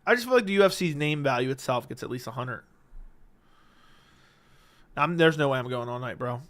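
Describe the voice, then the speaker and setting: A man's voice: mid-range voice, expressive, fairly quick, a bit bright. A man hosting a casual livestream, reading viewer messages, laid-back and swearing freely into a studio mic at home. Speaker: livestream host. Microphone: studio dynamic mic.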